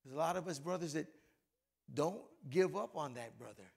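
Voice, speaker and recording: A hoarse middle-aged pastor whose gravelly, somewhat high voice moves between easy conversational preaching and fervent prayer. His voice is worn rough from yelling. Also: expressive, normal speed. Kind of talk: sermon and closing prayer at a men's breakfast.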